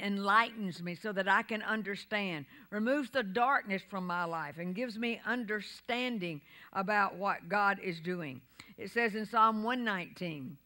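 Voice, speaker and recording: Middle-aged woman pastor, bright and forceful, sermon with shouted peaks and call-and-response. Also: medium pitch, expressive, moderate pace. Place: church sanctuary.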